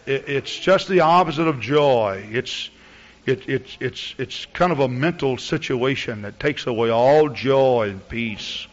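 A pastor preaches a sermon, talking plainly with his congregation before building to loud, fervent exclamations. His voice is medium-pitched and unhurried, in a dull lo-fi recording.

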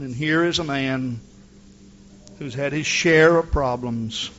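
A man preaching a sermon as pastor, telling stories with fervor and rising to shouts at the peaks. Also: a little high, fairly even intonation, measured pace, highs cut off. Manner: impassioned preaching, rising to shouts when quoting.

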